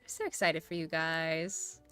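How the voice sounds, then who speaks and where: A woman's voice: deep voice, little pitch movement, a little slow, bright, forceful tone, clean tone, faint music behind. A woman hosting a casual study live stream, chatting and reading chat messages aloud with frequent laughs.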